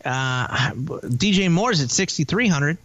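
A man's voice: a little high, animated, a bit bright, no echo. Guy co-hosting a fantasy football podcast, rambly and teasing, kinda lo-fi dry sound. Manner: rambling, teasing, lists names quickly. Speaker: podcast co-host. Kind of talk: casual fantasy football chat.

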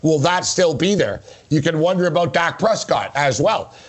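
A male sports show host who talks in a chatty, rambling way and throws in sarcastic jokes. His voice sits a little higher than most men's. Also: expressive, normal speed. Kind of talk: casual sports talk.

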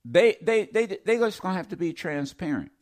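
Hoarse-ish middle-aged radio host guy, rambly, lively up-and-down voice. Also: sits high, normal speed. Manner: animated, rambling, emphatic repeats. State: slightly hoarse voice. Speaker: radio talk show host. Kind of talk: call-in radio talk.

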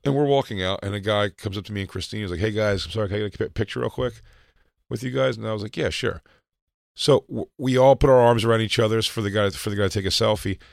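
Low-voiced man telling a profane story. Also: fast talker, vocal fry, no echo, clean studio sound. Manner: profane, animated storytelling, acts out quotes. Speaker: podcast co-host. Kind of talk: casual storytelling chat.

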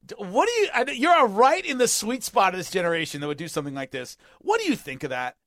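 A man hosting a sports talk radio show, ranting in an animated and exasperated way. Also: high voice, quick pace, no echo, clean studio sound.

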